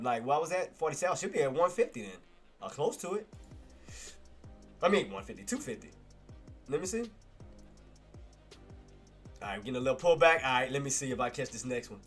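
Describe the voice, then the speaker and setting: A man live-streaming his day trading, muttering his moves to himself and breaking into loud, exasperated laughing outcries. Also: mid-range voice, animated, a little fast, long pauses, faint music behind. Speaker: livestreamer trading on camera.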